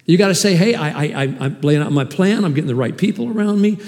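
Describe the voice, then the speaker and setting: A man preaching a sermon as pastor, animated and emphatic, with sudden swings in loudness. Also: on the high side, fast, few pauses, in a large hall. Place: church hall.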